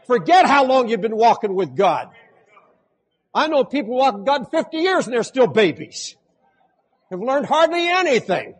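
An older male pastor delivering a fervent sermon straight to the congregation. His voice sits high and has a husky edge. It rings out with the long reverb of a large hall. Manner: fervent preaching, direct address to the congregation.

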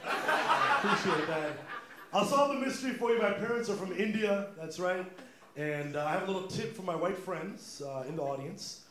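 A man's voice: sits high, normal speed. An American man performing a live stand-up comedy set on a club stage, with a sarcastic, mock-serious delivery and punchy asides. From United States. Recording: echoey club room with loud audience.

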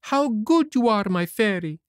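A man voicing an excitable, naive wooden puppet boy in a high, boyish way, for a storybook reading. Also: unhurried, smooth, no echo, studio quality. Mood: eager.

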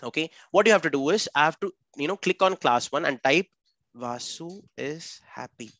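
A man's voice: a little high, quick pace, fairly bright tone, dry recording. A man with an Indian English accent teaching a live online coding class for children, upbeat and chatty, calling on students by name.

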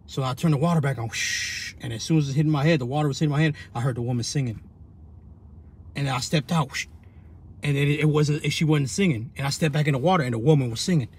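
A man's voice: mid-range voice, slightly rough. A man telling a rambling story in a loose, slang-heavy way, full of restarts and "you feel me" tags. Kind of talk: casual storytelling monologue.

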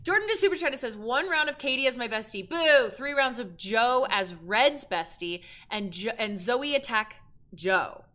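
Bright, animated woman streamer. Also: fairly high pitch, moderate pace. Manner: animated, laughs often, reads out messages. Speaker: livestream host. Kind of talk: casual livestream chat reading donations.

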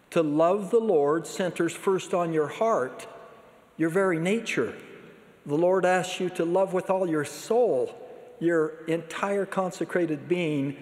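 A man giving a sermon as a church leader, speaking in a measured, earnest way. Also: fairly high pitch, darkish tone. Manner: measured, earnest preaching delivery. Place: large conference hall. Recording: long reverb of a large hall.

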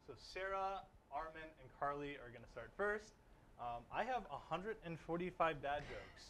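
A man's voice: a little high, lively intonation, normal speed, a bit bright, slight background noise. A young man hosting a student TV segment, telling dad jokes and pleading for laughs after each one. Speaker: student TV host. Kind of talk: playful group challenge chat, telling dad jokes.

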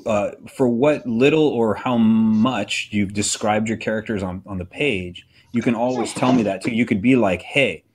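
A man's voice: on the low side, normal speed, few pauses, a little hiss or hum. A man in casual chat about voice work, acting out lines and voices as he explains. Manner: animated, acts out lines and voices while explaining. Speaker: voice actor. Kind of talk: casual video call chat.

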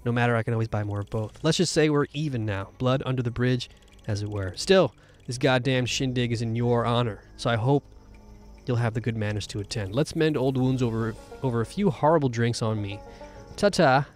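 A man's voice: mid-range voice, brisk, soft background music, natural voice. A man voicing a smug, pompous male boar villain who is full of himself, reading out a sneering invitation in a theatrical way.

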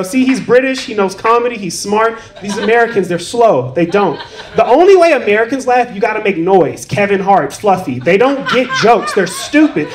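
A man doing provocative stand-up on a comedy club stage, with a mock-apologetic manner. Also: sits high.

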